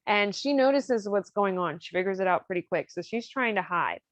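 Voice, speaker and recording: A woman's voice: mid-range voice, animated, brisk, no echo. A woman hosting a podcast, casually retelling an opera plot with loose, profane talk full of "like". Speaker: podcast host.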